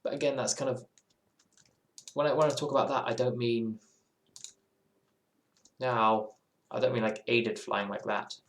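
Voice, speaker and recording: Man, gaming streamer, casual rambling chat, mid-pitched voice, roomy echo. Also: fairly even intonation, unhurried, long pauses. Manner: rambling, musing, self-interrupting. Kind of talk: casual live-stream chat while playing.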